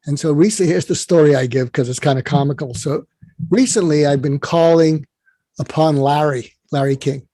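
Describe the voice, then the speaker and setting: High-voiced rambling male storyteller. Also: normal speed, mellow, no room sound. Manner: rambling storyteller, many restarts. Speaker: psychiatrist guest. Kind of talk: conversational interview storytelling.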